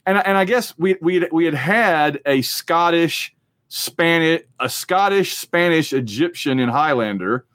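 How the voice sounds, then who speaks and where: Animated, rambling man chatting about movies. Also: on the high side, unhurried, dry recording. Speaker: podcast co-host. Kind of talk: casual movie chat.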